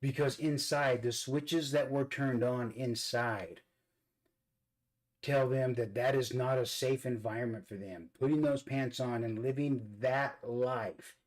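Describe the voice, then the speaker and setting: A man's voice: mid-range voice, unhurried, poor audio. A man hosting a casual vlog. He talks earnestly while he does his makeup, and he often repeats words as he searches for them. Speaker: vlog host.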